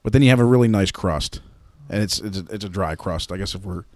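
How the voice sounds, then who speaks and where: Male co-host, low voice, hesitant and searching, dry close sound. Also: no room sound. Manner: halting, searching for words. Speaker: podcast co-host. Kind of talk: casual chat. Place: indoor room.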